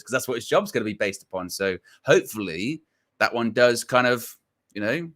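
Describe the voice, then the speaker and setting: Host, man, bright voice, news rundown then casual chat. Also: medium pitch, very animated, a little fast. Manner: reads news then chats with frequent laughs.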